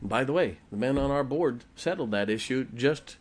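Blunt preacher chuckling between points. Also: male voice, medium pitch, lively intonation, normal speed. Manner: blunt, emphatic lists with frequent chuckles. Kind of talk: sermon. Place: church before a congregation.

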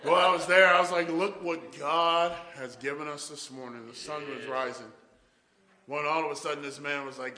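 A man's voice: a little high, fairly even intonation, normal speed, pushed and bright. A man preaching a sermon, telling folksy stories and often saying "boy".

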